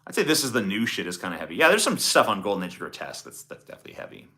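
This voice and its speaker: A man's voice: on the low side, big pitch swings, racing, sharp tone. A man streaming live, chatting in a profane, sarcastic, rambling way as he answers his chat. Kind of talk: casual livestream chat.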